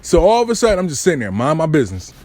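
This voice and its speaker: A man telling a story in casual storytime style, profane and animated with street slang. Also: fairly high pitch, very fast, no echo.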